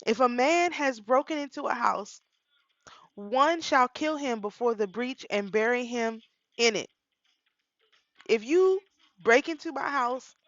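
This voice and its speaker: A woman's voice: a little high, fairly bright tone, no room sound. Woman, reading law code aloud, emotional asides, dull lo-fi recording. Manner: reads statutes then reacts with emotional asides. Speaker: reader and commentator. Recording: dry, dull lo-fi sound.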